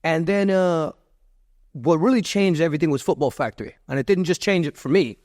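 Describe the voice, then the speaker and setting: A man's voice: a little high, brisk, darkish tone, no echo, clean studio sound. A man in his fifties from Miami, a podcast guest telling long stories in a loose, repetitive way with many restarts and fillers. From Miami, USA. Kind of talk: rambling interview storytelling.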